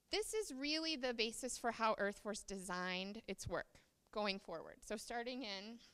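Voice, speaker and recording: A woman's voice: mid-range voice, fairly bright tone, clean tone, in a large hall. A woman giving a conference presentation, explaining ideas and reading passages aloud from notes on a podium microphone.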